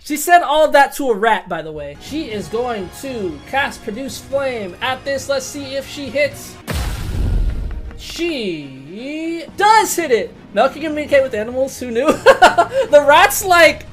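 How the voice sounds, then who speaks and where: A woman's voice: high-pitched, lively intonation, measured pace, soft background music. A woman narrating a tabletop game as game master, casual and profane, often laughing at the dice rolls.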